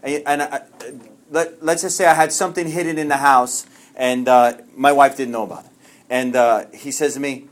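A man sharing a personal recovery story at a meeting, swinging between loud bursts and quiet asides. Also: mid-range voice, brisk.

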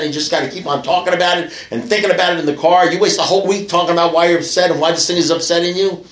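A man's voice: fairly high pitch, fairly even intonation, rapid-fire, hardly any pauses, a bit bright, echoey room, poor audio. A man telling a long story to a recovery meeting, rambling with many fillers and blunt, profane humour. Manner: rambling, full of "you know" fillers. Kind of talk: storytelling talk to a live audience. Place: meeting room with an audience.

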